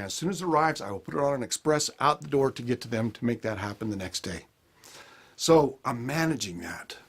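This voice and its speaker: A man's voice: mid-range voice, slightly rough. A man giving a motivational life lesson, acting out everyday scenes as he talks. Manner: animated, acts out everyday scenes. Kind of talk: motivational talk.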